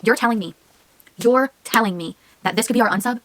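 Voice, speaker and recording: A young woman vlogging about her reading in a casual, rambling way, excitable and full of fillers, often dropping to a whisper. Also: medium pitch, very fast. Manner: excitable, rambling, with many filler words and frequent whispering asides. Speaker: book vlogger.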